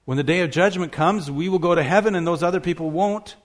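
A man's voice: sits high, fast talker. A man preaching a sermon, emphatic, asking rhetorical questions and stressing key words.

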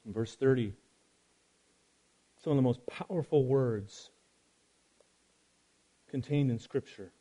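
A man preaching a sermon, swinging from loud emphasis to hushed quiet and speaking straight to his listeners. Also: mid-range voice, slow pace, long pauses. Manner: addresses listeners directly.

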